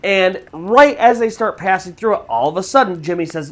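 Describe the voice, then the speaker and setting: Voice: mid-range voice, lively intonation, moderate pace, few pauses. A storytelling channel host narrating a true scary story in a casual, conversational way with fillers.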